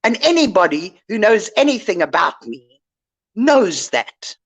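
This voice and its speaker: Slow, lively indignant older woman. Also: mid-range voice, husky. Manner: indignant, lecturing rant. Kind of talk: online call chat. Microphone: online call mic.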